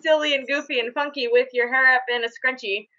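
High, bright upbeat woman host. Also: steady tone, a little fast. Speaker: podcast host. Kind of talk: casual chat among mothers. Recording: dull lo-fi sound.

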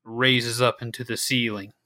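A man's voice: mid-range voice, little pitch movement, measured pace, sharp tone, no echo, studio quality. A man narrating as game master in a casual tabletop session.

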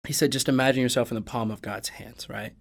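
A man speaks with a gravelly, creaky edge at an ordinary pitch. He talks earnestly in a relaxed podcast conversation, working through scripture passages as he goes. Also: fast talker. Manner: earnest, quotes scripture at length. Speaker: podcast guest. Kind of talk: casual faith discussion.

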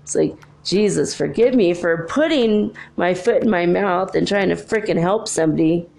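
A woman's voice: on the low side, normal speed, vocal fry, a little mellow. A woman talking in a casual vlog monologue, rambling through a story with lots of filler words.

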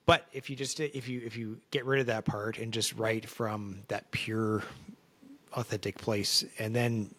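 A man's voice: mid-range voice, normal speed, dry recording. Laid-back male podcast co-host. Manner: storytelling, relaxed, checks in with "right?". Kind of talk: casual podcast chat.

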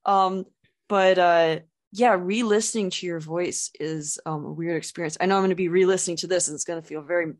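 A woman's voice: fairly low pitch, fairly even intonation, brisk. A young woman hosting an interview podcast, chatty and casual, often saying "like". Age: young adult. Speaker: podcast host.

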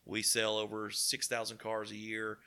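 A man from East Tennessee with a local accent, telling his career story in a folksy, animated way with quoted dialogue. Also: on the low side, moderate pace, smooth. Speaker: car dealership partner. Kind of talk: casual storytelling interview.

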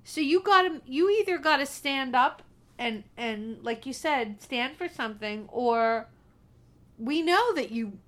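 Female podcast co-host, somewhat high voice, casual and encouraging. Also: lively intonation, unhurried, fairly bright tone. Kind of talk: casual conversation.

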